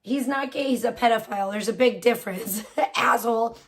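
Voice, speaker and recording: Woman, high voice, livestream host, casual chat, profane, blunt. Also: steady tone, moderate pace, gravelly, few pauses. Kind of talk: casual live-stream chat with viewers.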